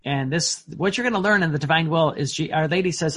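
A man preaching a sermon in an earnest, emphatic way, often pausing on fillers and restarting his words. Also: fairly high pitch, fairly bright tone.

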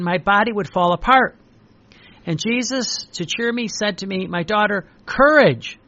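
Older man, priest, high voice, halting sermon with fillers, dull lo-fi recording. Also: fairly bright tone. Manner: halting, repeats words, many fillers. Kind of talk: preaching with personal stories.

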